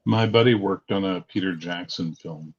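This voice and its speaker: A man's voice: low-pitched, normal speed, husky. A man from Canada telling a story in a casual, dry and teasing chat. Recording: dull lo-fi audio.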